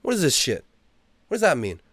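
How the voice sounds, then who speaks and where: A man giving excitable let's-play commentary as a gamer streaming a playthrough, swearing freely. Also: a little high, a little fast, a little hiss or hum.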